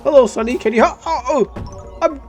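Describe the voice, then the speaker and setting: A quavering old gnome. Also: male voice, moderate pace, a little mellow, faint music behind. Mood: pleading. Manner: high, quavering old-man voice. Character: frail elderly gnome man lost in a forest.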